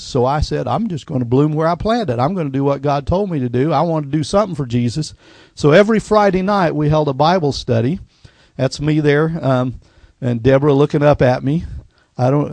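A middle-aged man, a pastor telling his life story in a sermon, folksy and going quiet at the emotional parts. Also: fairly high pitch, no echo. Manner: folksy storytelling, drops to a hushed voice at emotional points. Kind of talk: personal testimony sermon.

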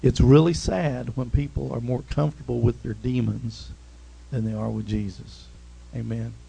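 A man preaching a sermon in an animated way, reading scripture and calling out amens. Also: mid-range voice, normal speed, creaky, husky, poor audio.

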